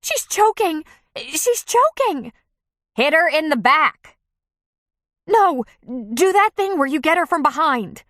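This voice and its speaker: Lady narrator doing screechy panicky lunch guests yelling for help, dry close sound. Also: very animated, slow pace, no room sound, exaggerated voice. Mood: panicked. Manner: shrill frantic shouting.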